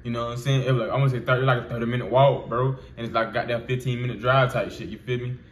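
A man's voice: mid-range voice, steady tone, racing, echoey room, slight background noise. A man in his twenties telling a personal story in loose, profane slang with lots of fillers. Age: 20s. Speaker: vlogger. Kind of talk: casual storytelling.

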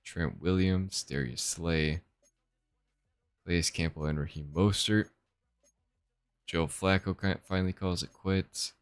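A young man hosting his own gaming channel, giving relaxed, rambling commentary and thinking aloud as he plays. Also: deep voice, slow pace, long pauses, smooth, dry recording. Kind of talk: casual gameplay commentary.

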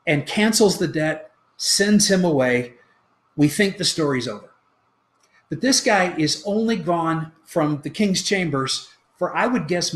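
A man preaching a sermon as pastor, retelling a story with lively acted-out quotes. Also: fairly high pitch, roomy sound. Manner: animated storytelling, acting out quoted lines.

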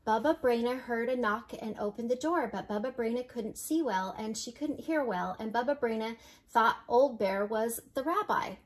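An older woman, a grandmother, reading a children's picture book aloud in a gentle, unhurried way with small slips and chuckles. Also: a little high. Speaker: storyteller.

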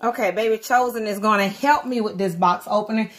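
A chatty, excitable woman vlogger, a bit out of breath and rambling as she opens a box. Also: mid-range voice, a little fast. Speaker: vlogger, doll collector. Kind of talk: casual unboxing vlog. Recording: echoey room.

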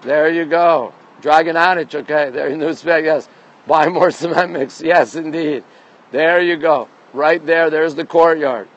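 A chatty middle-aged man with a somewhat high voice streams live from a phone as he walks city streets. He greets viewers, answers their comments as they come in, and tends to repeat his phrases. Traffic and street sounds are heard behind him. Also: fairly even intonation, measured pace, highs cut off. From Montreal, Canada. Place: outdoors on city streets at night.

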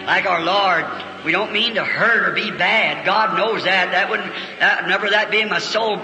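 A man preaching a revival sermon, telling a story in earnest and slowing into fervent prayer. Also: sits high, sharp tone. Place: church auditorium. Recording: old echoey hall recording with faint hiss.

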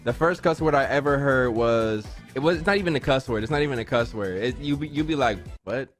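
A man's voice: mid-range voice, brisk, faint music behind. A young man giving loose, slangy comedic commentary and telling stories while reacting to cartoon clips. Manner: animated, loose, slangy, jumps into shouted cheers.

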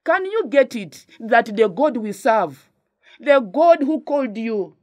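A woman's voice: fairly high pitch, sing-song, slow pace, a little mellow, dull audio. A woman pastor with a Ugandan English accent preaches a sermon. She presses her listeners with repeated rhetorical questions and exhortations.

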